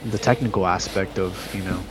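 A man's voice: deep voice, steady tone, a little fast. A young adult man co-hosting a casual podcast chat, easygoing and questioning, with frequent "like" in his talk. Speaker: podcast co-host.

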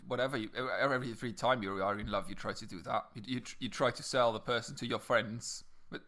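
A man with a mid-pitched, everyday voice chatting as a podcast co-host. He's wry and dry, stumbling through repeated words before landing his point. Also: steady tone, fast, sharp tone. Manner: dry, wry, stammering restarts. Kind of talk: casual chat about Shakespeare's sonnets.

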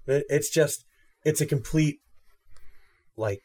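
A man's voice: fairly high pitch, takes it slowly, warm tone. A man chatting casually about a film with friends, talking loosely with many fillers. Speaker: podcast co-host.

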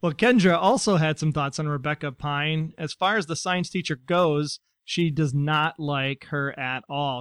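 A man co-hosting a casual talk show, reading out listener messages with a wry delivery. His voice is smooth and resonant and sits a little high for a man. The sound is dry and close. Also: measured pace, few pauses, fairly bright tone, dry recording. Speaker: podcast co-host. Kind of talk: casual chat.

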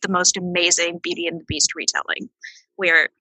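A woman's voice: lowish voice, fairly even intonation, normal speed, bright, forceful tone, breathy edge, no echo, rough recording. A woman on a casual podcast chat, plain-spoken and enthusiastic. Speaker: podcast guest.

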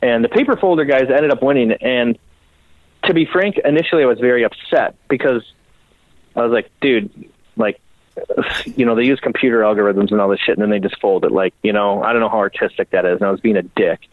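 A man spins a long, rambling tale in a relaxed interview, swearing freely and slipping into the voices of the people he quotes. His voice sits at an ordinary middle pitch. The recording is dry and slightly muffled, with no room sound. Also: fairly quick, dry recording. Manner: profane, rambling, animated storyteller who acts out quotes. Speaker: custom bike builder, podcast guest. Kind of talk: casual storytelling in an interview.

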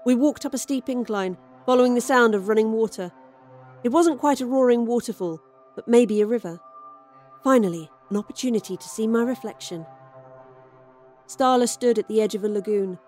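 A woman reading a horror story aloud as a wry, expressive first-person narrator. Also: fairly high pitch, moderate pace. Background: faint music score.

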